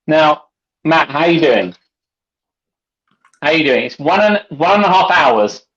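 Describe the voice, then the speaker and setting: A tipsy man co-hosts a casual drinks livestream, rambling and getting loud and excitable. His voice sits a bit high. The call audio sounds dull and lo-fi. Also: measured pace. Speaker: co-host. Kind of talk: casual drunken chat on a livestream.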